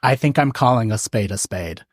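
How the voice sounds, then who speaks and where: A man's voice: on the low side, lively intonation, normal speed, no echo, clean studio sound. A man who is a podcast guest in casual chat, weighing in with thoughtful, wry opinions.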